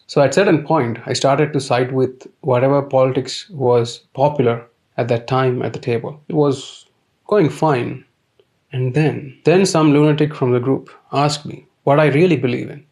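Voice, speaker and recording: A man talks in a dry, deadpan way. His comic monologue is sardonic and matter-of-fact. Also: mid-range voice. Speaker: comedy series narrator.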